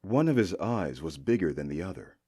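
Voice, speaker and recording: Husky low-voiced male audiobook narrator. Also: a little fast. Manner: expressive storytelling delivery.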